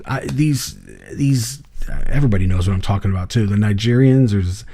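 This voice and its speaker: A man's voice: on the low side, a little fast, warm tone. A man co-hosting a podcast, telling a story casually with jokes and laughs. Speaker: podcast co-host. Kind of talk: casual chat.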